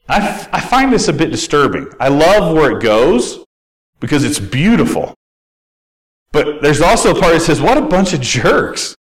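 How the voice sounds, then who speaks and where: A man's voice: on the high side, poor audio. A male pastor giving a sermon in a conversational, candid style with personal asides.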